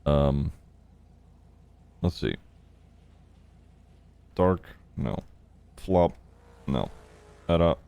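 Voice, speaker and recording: Deep gravelly guy streaming a roleplay, swears a bunch, talks to himself, voice jumps around. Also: animated, very slow, pauses often, dark tone. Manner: swears a lot, mutters thoughts aloud. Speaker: streamer in a game role-play. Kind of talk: casual role-play chat.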